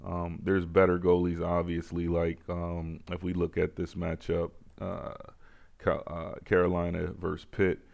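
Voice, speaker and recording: Deep gravelly man. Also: completely flat delivery, unhurried, darkish tone. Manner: laid-back, talks to viewers, repeats phrases. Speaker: sports betting host. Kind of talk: casual sports betting picks.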